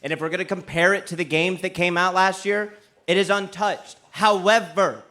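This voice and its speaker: A man's voice: sits high, fairly even intonation, moderate pace, bright, forceful tone. A man arguing his side in a mock courtroom panel, emphatic and building to a firm closing, in front of a live audience. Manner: emphatic, builds to a rousing finish. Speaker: debating lawyer on a comedy panel. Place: convention panel room before a live audience.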